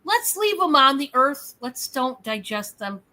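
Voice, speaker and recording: A woman's voice: sits high, very animated, measured pace, bright, forceful tone, a little hiss or hum. A woman with a Michigan accent hosting a live sales stream, chatty and rambling, laughing often. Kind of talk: casual live stream chat.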